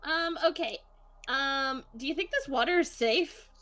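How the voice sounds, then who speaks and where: Female player with a higher voice; playful, casual table talk. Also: expressive, measured pace, fairly bright tone. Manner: joking, laughs easily. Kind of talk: casual tabletop role-play.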